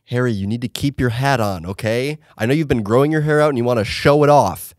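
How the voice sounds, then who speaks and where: A man playing a nervous male fireman covering for a friend in an improv comedy sketch, halting and overeager. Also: medium pitch, no echo, clean studio sound, close to an everyday voice.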